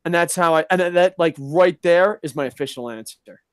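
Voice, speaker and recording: A young adult man hosting a casual chat show, ranting in an animated, profane way. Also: on the high side, brisk, clear, resonant tone, no room sound, clean studio sound. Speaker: podcast host.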